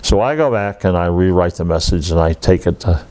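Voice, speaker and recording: A low male voice runs slightly quick as a veteran in his eighties tells war stories. The oral history interview is lively, punctuated by laughs and by his impressions of what other people said.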